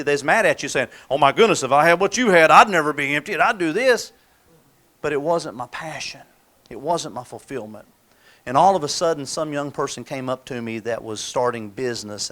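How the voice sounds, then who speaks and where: A man's voice: a little high, a bit bright. A middle-aged man giving a live motivational talk, telling folksy stories and acting out the voices of the people in them. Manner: folksy, storytelling, acts out quoted voices. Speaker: motivational speaker.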